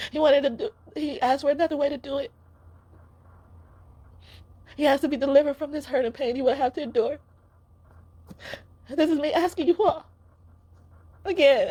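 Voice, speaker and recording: A young woman with a fairly high voice gives a casual spiritual card reading. She speaks in an earnest, emotional way and often pleads with her viewers. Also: warm tone, breathy edge.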